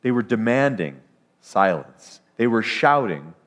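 A man's voice: medium pitch, very animated, measured pace. A man preaching a sermon, emphatic, rising to declarations and often restarting his phrases.

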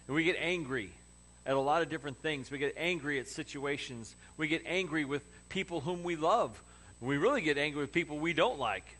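A man's voice: fairly high pitch, animated, brisk, fairly bright tone. A man preaching a sermon in a conversational way, with humorous asides. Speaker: pastor.

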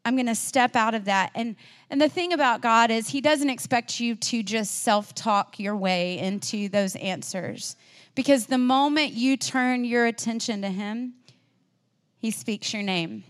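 A woman's voice: a little high, a little slow. Chatty woman preaching in a reverberant hall. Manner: casual, chatty storytelling with frequent "like" and "um"; swings between loud emphatic declarations and quiet asides. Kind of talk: sermon. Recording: long reverb, as in a large hall.

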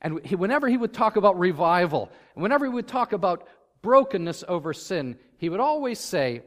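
A man's voice: high voice, very animated, brisk, few pauses, a bit bright. A man preaching a sermon as pastor, earnest and building to fervent emphasis. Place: church sanctuary. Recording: long reverb of a church hall.

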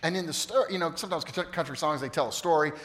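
A pastor in his fifties delivers a sermon, moving from loud, emphatic bursts to quiet, hushed moments. His voice sits a little high for a man. The long reverb of a large hall trails after his words. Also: quick pace. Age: 50s. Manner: animated storytelling, swings from loud to hushed.

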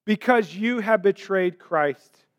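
A man's voice: sits high, expressive, takes it slowly, clean tone. A male pastor preaching an earnest sermon in a church, rising to impassioned questions. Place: church sanctuary.

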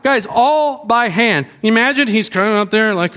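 A man preaching to children in an animated way, often asking them questions. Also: high-pitched, normal speed, hardly any pauses. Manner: animated, asks the kids questions. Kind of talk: sermon to children.

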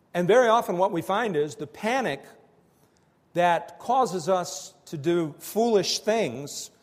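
Slow, emphatic preacher in a hall. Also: male voice, fairly high pitch. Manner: slow, emphatic preaching with pauses and dynamic swells. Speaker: pastor. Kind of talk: sermon.

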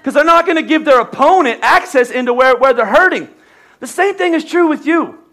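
Man, from the United States, high voice, pastor preaching, chatty and joking, repeats himself. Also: animated, fairly quick, sharp tone. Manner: conversational preaching with joking asides and repeated phrases. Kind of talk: sermon.

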